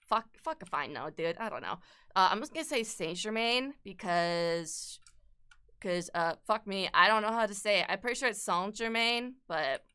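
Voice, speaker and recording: Young woman rambling + cursing on her art stream, bright smooth voice, clicking in the background. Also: medium pitch, lively intonation, normal speed. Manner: rambling, swears a lot, laughs often. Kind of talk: casual chat while sketching on stream.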